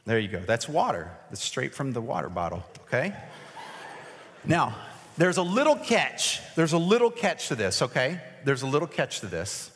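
A man's voice: mid-range voice, very animated, moderate pace, fairly bright tone. A man preaching as a pastor, casual and self-deprecating, joking with volunteers during an object lesson, his voice a little cracked. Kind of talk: sermon with a live object lesson. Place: large hall with an audience. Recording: long hall reverb.

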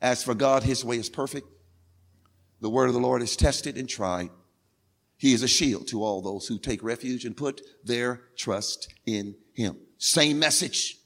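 A male pastor preaching a sermon, repeating phrases insistently and building from quiet talk to crying out. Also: unhurried, gravelly. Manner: swings from low and quiet to shouting, crying out.

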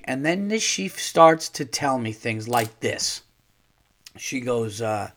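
A man's voice: mid-range voice, takes it slowly. A man hosting a podcast who tells a story in a casual monologue, ranting and swearing as he gets fired up. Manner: profane, animated ranting. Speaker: podcast host.

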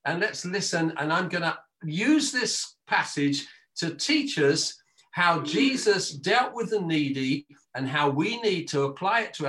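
A man pastor preaching a sermon over a video call, emphatic and slowing down on key phrases. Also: fairly high pitch, pushed and bright, rough recording.

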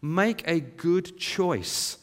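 A man voicing a compassionate father who slowly and earnestly pleads with his grown son, in a hall with long reverb. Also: on the high side, expressive, voice pushed up. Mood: pleading.

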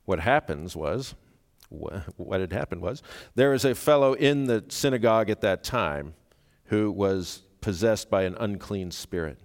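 A man's voice: fairly low pitch, animated, measured pace. Man preaching in an echoing church. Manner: earnest, builds to sudden loud emphasis when quoting. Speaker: pastor. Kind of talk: sermon. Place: church sanctuary. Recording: reverberant church hall.

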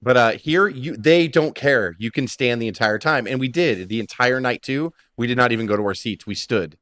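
A man's voice: mid-range voice, normal speed, fairly bright tone, dry recording. A man co-hosting a podcast in casual chat, rambling and swearing freely. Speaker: podcast co-host.

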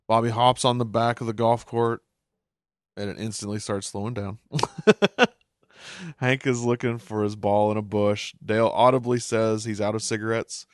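A man's voice: fairly low pitch, little pitch movement, moderate pace. A man with a mid-range voice who recaps a cartoon episode in a loose, casual way, chuckling often and reading out captions. The sound is close and dry, with no room echo. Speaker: show recap host.

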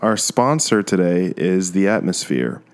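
A man co-hosting a casual podcast, tossing in dry one-liners and quick laughs. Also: deep voice, very animated. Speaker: podcast co-host. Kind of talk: casual joking podcast chat.

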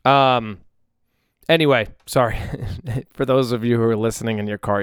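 Chatty man in his thirties, smooth voice. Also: mid-range voice, normal speed, no room sound, clean studio sound. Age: 30s. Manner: rambling, chatty, many ums and self-corrections. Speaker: musician podcast host. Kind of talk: casual solo podcast chat. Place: home in Nashville. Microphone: tablet and phone livestream.

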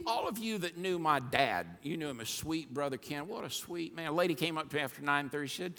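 Fired-up pastor in a big hall. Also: male voice, a little high, very animated, brisk, hardly any pauses. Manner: fired-up, swings from soft to shouting. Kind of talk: sermon. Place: church sanctuary. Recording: long hall reverb.

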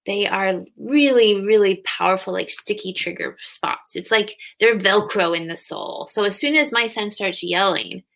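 Earnest woman explaining gently. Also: mid-range voice, moderate pace, gravelly, few pauses. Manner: earnest, animated when acting out parents and kids. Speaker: guest, grief companion trainer. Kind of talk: conversational interview.

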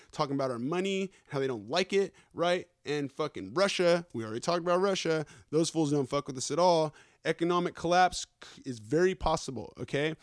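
Guy on a podcast ranting about the news, slangy and cussing, always going "right?", kinda higher voice. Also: no echo, studio quality. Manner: slangy, keeps adding "right?" and "okay?". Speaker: podcast host. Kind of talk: casual profane news rant.

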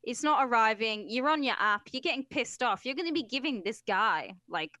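A woman's voice: on the high side, expressive, normal speed, pushed and bright, no room sound. A woman co-hosting a podcast, chatting in a wry, sarcastic way while retelling news stories. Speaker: podcast co-host.

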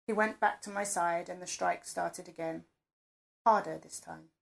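A woman's voice: fairly low pitch, fairly even intonation, moderate pace, gravelly. Woman reading an intimate first-person story. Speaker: narrator.

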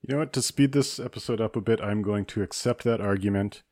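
Podcast host guy, fairly low voice, decisive, sets up scenarios, dry close sound. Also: quick pace, a little mellow, no room sound. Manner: decisive, lays out scenarios and rulings. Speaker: podcast host running a hypothetical movie showdown. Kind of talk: casual chat.

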